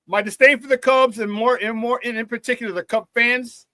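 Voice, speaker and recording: A man's voice: very high voice, a little fast, dry recording. A man hosting a casual sports talk show, reading the live chat aloud and repeating himself as he talks. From Chicago area. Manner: animated, repeats himself, laughs often. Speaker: sports talk radio host.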